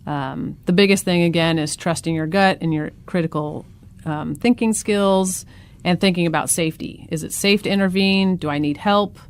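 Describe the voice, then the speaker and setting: Calm, low-voiced American woman educator. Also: normal speed, clean tone. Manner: calm and explanatory. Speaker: guest educator. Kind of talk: casual discussion.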